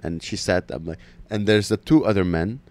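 A man's voice: sits low, moderate pace, darkish tone. A man co-hosting a podcast, telling a story in casual chat and acting out the other people's lines. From Arab background. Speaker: podcast co-host.

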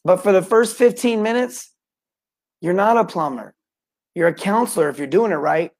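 A middle-aged man hosting a live coaching talk for plumbers, energetic, greeting viewers by name and acting out what customers say. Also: high-pitched, normal speed. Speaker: podcast host and plumbing sales coach.

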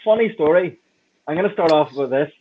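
A man's voice: on the high side, lively intonation, fairly quick. A man hosting a podcast in casual chat, friendly and a little teasing. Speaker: podcast host. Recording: tinny phone-like audio.

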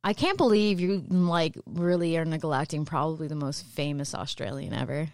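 A woman's voice: sits low, moderate pace, a little mellow, no room sound, studio quality. A woman co-hosting a podcast in casual chat, teasing and sharing facts. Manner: teasing, informative. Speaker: podcast co-host.

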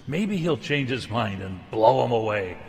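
A man's voice: mid-range voice, lively intonation, measured pace, darkish tone, long reverb tail. A man voicing a sulky male prophet who pleads for the city's destruction. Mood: pleading.

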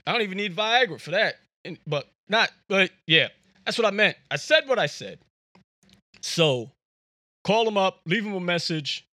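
A man's voice: high-pitched, expressive, moderate pace, sharp tone, no room sound, clean studio sound. A man hosting a podcast, telling a story in a casual, slangy way and often repeating words as he talks. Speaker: podcast host.

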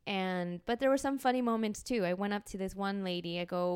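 A woman in her forties hosting a podcast, telling comedic stories in an animated, profane way and acting out quotes. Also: medium pitch, quick pace, clean tone, dry recording, clean studio sound. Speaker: podcast host. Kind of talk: comedic storytelling.

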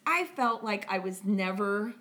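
A woman's voice: medium pitch, measured pace. A middle-aged woman fire captain telling a station story in casual talk, swearing freely and acting out her crew's lines. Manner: profane, animated, acts out voices in quotes.

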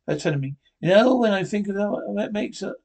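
A rattled, earnest husband. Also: male voice, high-pitched, animated, fast, a little mellow. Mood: relieved. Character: anxious middle-aged husband, earnest and nervous. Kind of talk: 1950s radio drama acting.

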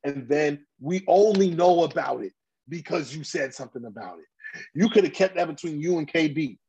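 A man's voice: fairly high pitch, normal speed, dark tone, husky, dull audio. A man hosting a casual podcast chat, ranting bluntly and heatedly in slang with many restarts. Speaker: podcast host.

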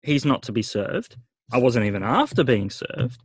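A man's voice: medium pitch, normal speed, husky, no echo. A middle-aged man, a podcast co-host telling a story in casual chat, acting out what others said and swearing freely. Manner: animated retelling, swearing, acting out quoted voices.

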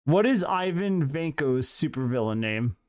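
A man's voice: a little high, expressive, unhurried. A man co-hosting a podcast, reading out quiz questions in a mock-teacher tone and laughing often. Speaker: podcast co-host running a quiz. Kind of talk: casual chat.

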